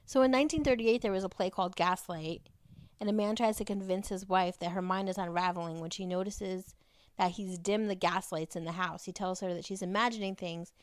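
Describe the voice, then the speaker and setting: A woman's voice: medium pitch, fairly even intonation, fairly quick, no echo. A woman co-hosting a podcast in casual chat, reading bits from articles aloud and laughing easily. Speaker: podcast co-host.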